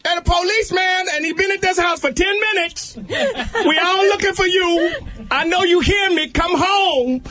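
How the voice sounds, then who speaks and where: A man doing the voice of a loud mother scolding and threatening her boy. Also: very high-pitched, moderate pace, pitched above the performer's own voice. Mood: yelling. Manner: shouting, threatening, comic.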